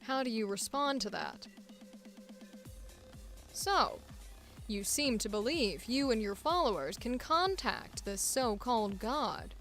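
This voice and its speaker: A woman voicing a composed female TV host, reading in a measured newscaster delivery. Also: on the high side, expressive, fairly bright tone, soft background music. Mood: probing. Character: composed female TV host interviewing a cult leader.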